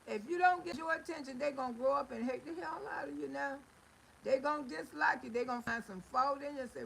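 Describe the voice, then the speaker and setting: A woman's voice: high voice, vocal fry, fairly bright tone, a little hiss or hum, poor audio. A middle-aged woman hosting a livestream, chatting with viewers in a folksy, scolding way and telling stories. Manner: folksy, scolding, storytelling with laughs and exclamations. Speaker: livestream host. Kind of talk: casual livestream talk to viewers.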